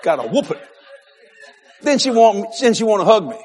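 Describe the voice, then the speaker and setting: Animated Cajun man preaching with laughter. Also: high-pitched, normal speed, noisy background. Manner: animated, laughing through his stories. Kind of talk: humorous preaching with storytelling.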